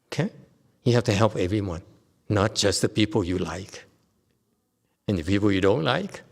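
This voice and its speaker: Long reverb fills the temple hall where a Buddhist master from Vietnam gives a joking, conversational dharma talk, often checking on his listeners. His fairly low voice has lively intonation and vocal fry, and he keeps a moderate pace.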